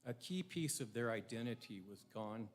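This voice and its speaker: A man's voice: medium pitch, animated, moderate pace. A middle-aged man giving a prepared ceremony speech, earnest and reflective, with rhetorical questions to his audience. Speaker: ceremony speaker.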